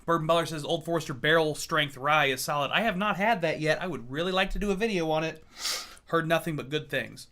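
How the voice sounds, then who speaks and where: A man's voice: fairly high pitch, fairly quick, sharp tone. A man hosting a casual whiskey tasting livestream. He jokes around, swears freely and answers viewers as he goes. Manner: loose, joking, swears freely; chats with viewers. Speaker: whiskey reviewer and streamer.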